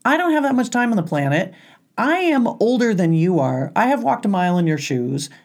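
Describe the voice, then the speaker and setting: A woman's voice: mid-range voice, fairly quick. A middle-aged woman co-hosting a casual chat, telling stories with energy and acting out the people she quotes. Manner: animated storyteller, acts out quoted voices. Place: recording studio.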